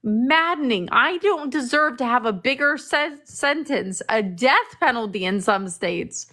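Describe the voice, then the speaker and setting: A woman's voice: on the high side, expressive, a little slow, pushed and bright. A woman arguing in a heated debate, indignant and emphatic, firing off rhetorical questions. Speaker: debate participant.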